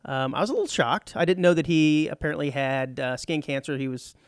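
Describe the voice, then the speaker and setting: A man's voice: on the high side, lively intonation, fairly quick, clean tone, dry recording, clean studio sound. A man from Texas hosting a casual radio talk show, telling rambling stories full of restarts and teasing his co-host. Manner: rambling storyteller with many restarts.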